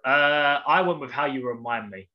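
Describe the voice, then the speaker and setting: A man in a casual podcast chat, blunt, jokey and quick to swear. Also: mid-range voice. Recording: dull lo-fi sound.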